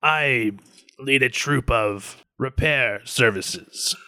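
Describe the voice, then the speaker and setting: A man voicing a hulking insect-like alien who leads a repair crew, calm and businesslike. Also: medium pitch, drawn-out words, clean tone, dry recording, exaggerated voice.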